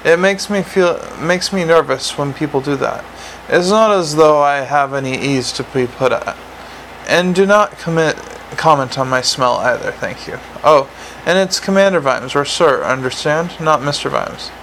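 A man's voice: a little high, moderate pace, a bit bright, a little hiss or hum, rough recording. A man playing a curt, weary male police commander with a dry, prickly manner.

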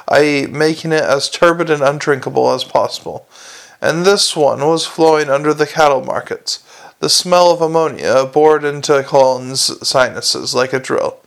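A man narrating a comic fantasy story aloud in a dry, wry manner. His voice is gravelly with plenty of fry, pitched somewhat high for a man. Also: a bit bright. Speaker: audiobook narrator.

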